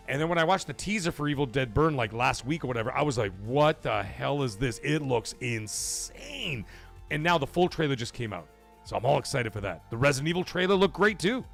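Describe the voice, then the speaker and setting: Gravelly-voiced man ranting on a podcast. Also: mid-range voice, fairly bright tone. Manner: heated, profane, opinionated ranting. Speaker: podcast host. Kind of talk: live gaming podcast rant.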